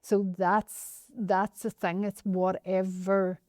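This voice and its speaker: Animated Northern Irish woman, smooth voice. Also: medium pitch, takes it slowly, dry recording, studio quality. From Northern Ireland. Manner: animated, keeps addressing the host by name. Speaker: podcast guest. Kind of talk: emotional personal storytelling.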